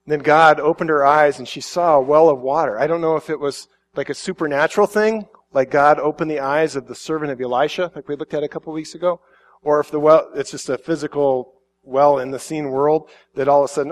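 Higher-voiced man preaching conversationally. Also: fairly quick. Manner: conversational, with many restarts and acted-out quotes. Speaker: pastor. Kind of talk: sermon.

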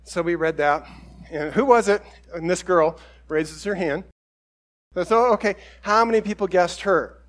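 A man's voice: sits high, unhurried. A man preaching a conversational sermon, telling stories with quoted voices and self-deprecating humor. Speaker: pastor.

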